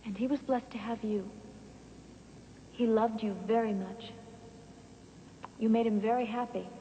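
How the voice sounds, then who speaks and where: An actress playing a strong-willed grown daughter in a daytime soap opera, talking in an insistent, emphatic way. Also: female voice, a little high, steady tone, measured pace, dark tone, in a large hall, a little hiss or hum, natural voice, poor audio. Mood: consoling.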